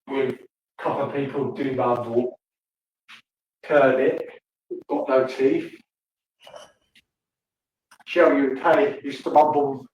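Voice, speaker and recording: A man's voice: medium pitch, level tone, slow, pauses often, a little mellow, dull audio. Tired, swearing older man. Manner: crude, swearing, laughing often. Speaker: livestream host. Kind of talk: rambling casual chat to viewers. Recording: echoey room, distant mic, faint noise.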